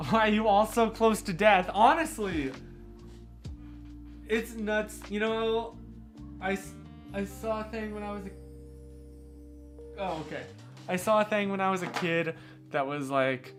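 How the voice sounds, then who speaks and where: A man's voice: on the high side, fairly bright tone. A man hosting a live stream, chatting casually and playfully with viewers, poking fun at himself and laughing often, speaking from a room at home. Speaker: livestream host.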